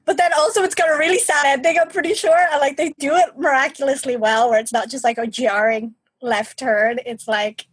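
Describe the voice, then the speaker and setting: High-voiced animated woman podcast co-host. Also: fairly quick, hardly any pauses, no room sound. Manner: animated, expressive. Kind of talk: casual chat.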